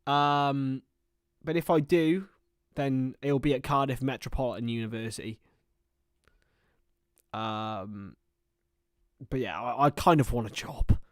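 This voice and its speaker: Young male streamer, twenties, chatty and excitable, close dry mic, mid-range voice. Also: medium pitch, measured pace, pauses often, dry recording. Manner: chatty, excitable, laughs often. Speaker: streamer and commentator. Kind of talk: casual live football watchalong commentary.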